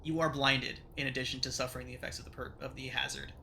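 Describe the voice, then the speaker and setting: Bright-voiced man narrating a tabletop game. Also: medium pitch, level tone, creaky, a little hiss or hum. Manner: descriptive, measured narration. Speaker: game master.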